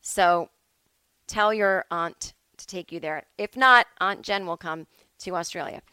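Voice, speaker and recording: A woman's voice: on the low side, a little slow, pushed and bright, smooth, no echo, low-quality recording. A woman hosting her own podcast from home, talking in a loose, rambling way that often breaks off mid-thought. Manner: rambling, chatty, self-interrupting. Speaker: podcast host. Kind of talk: casual solo podcast monologue.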